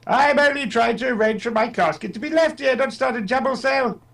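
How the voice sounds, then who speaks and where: A man putting on the voice of a fussy, pompous old gentleman who blusters and chuckles. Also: very high-pitched, fairly quick, creaky, recorded from a distance, pitched above the performer's own voice, full character voice. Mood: blustering.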